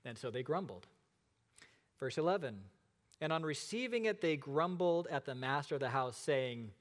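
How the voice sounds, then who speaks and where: Middle aged guy preaching, kinda higher voice, lots of questions to the crowd, echoey church. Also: very animated. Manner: expository preaching with rhetorical questions and dramatic pauses. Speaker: pastor. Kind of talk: sermon.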